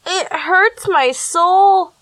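A woman's voice: very high voice, extremely slow, fairly bright tone, no room sound, low-quality recording. A young woman co-hosting a casual chat, reacting emphatically and swearing freely. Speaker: co-host.

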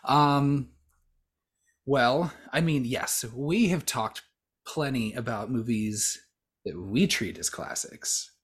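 A man's voice: mid-range voice, takes it slowly, breathy edge. Man, thirties, podcast host, casual chat, rambling, lots of fillers and restarts.

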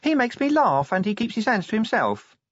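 A man voicing a sweet, dim, shy young woman, soft and earnest, in a storybook reading. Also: high-pitched, big pitch swings, a little fast, dry recording, muffled recording, pitched above the performer's own voice.

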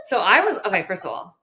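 A woman's voice: mid-range voice, pushed and bright. A young woman co-hosting a podcast, telling a story in a rambling, giggly way with lots of fillers. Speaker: podcast co-host. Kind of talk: casual chat.

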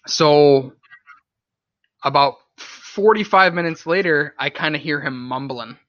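A young man with a bright, forceful voice sitting just a little high, recounting a spooky memory in easy chat. He laughs often and swears offhand. The sound is dry and a bit dull, like a cheap podcast mic. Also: slow, no echo. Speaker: podcast host. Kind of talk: casual storytelling chat.

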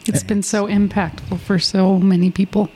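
A woman's voice: mid-range voice, little pitch movement, moderate pace, warm tone, slight background noise. A woman co-hosting a podcast interview, chiming in with encouraging remarks. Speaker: podcast co-host. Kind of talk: casual interview chat.

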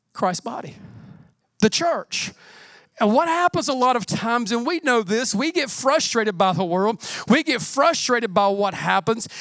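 A man, a pastor, preaching a sermon with lively calls to the congregation and emphatic repetition. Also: high-pitched, dry recording, clean studio sound.

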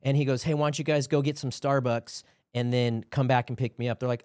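A man's voice: mid-range voice, flat delivery, fast talker, darkish tone, clean tone, no echo, studio quality. A man who is a podcast guest, telling a personal faith story in an earnest way and building into preaching. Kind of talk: testimony and exhortation.

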